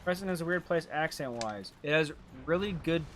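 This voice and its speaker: A man streaming a game live, chatting casually and rambling between quick reactions to the action. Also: on the high side, animated, fairly bright tone, a little hiss or hum. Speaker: gaming streamer. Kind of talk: casual live gameplay chat.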